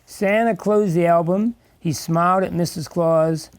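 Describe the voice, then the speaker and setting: A man's voice: sits high, steady tone, measured pace. An older man reading a picture book aloud to a class of young children, stopping to ask questions and explain along the way. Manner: chatty, stops to ask and explain. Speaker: guest reader in a classroom. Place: elementary school classroom.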